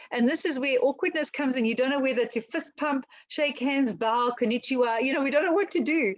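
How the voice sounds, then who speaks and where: A woman with a South African accent giving an online talk on job interviews, speaking fast and chatty with many ums and restarts. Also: on the high side, dry recording, dull audio. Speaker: webinar presenter on interview skills. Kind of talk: casual webinar talk.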